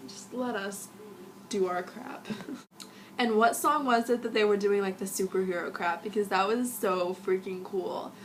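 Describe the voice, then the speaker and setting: A young woman vlogger rambling through a casual fan review, gushing and giggly, a little sick and husky. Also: medium pitch, fairly even intonation, a little slow, slight background noise.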